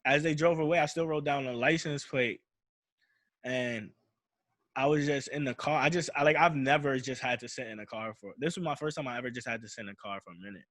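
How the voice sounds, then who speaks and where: A young man recounts a personal story in loose, slangy talk, circling back with "I'm like." His voice sits at a middle pitch, recorded dry with no room sound around it. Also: a little fast, a bit bright, dry recording. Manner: slangy, repeats "I'm like" and restarts while retelling. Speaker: podcast host.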